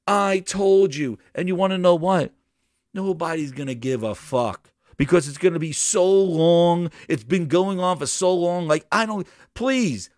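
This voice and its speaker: A man's voice: sits high, pushed and bright, dry recording, clean studio sound. A man ranting in casual, profane gaming chat, mocking and heated. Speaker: podcast host.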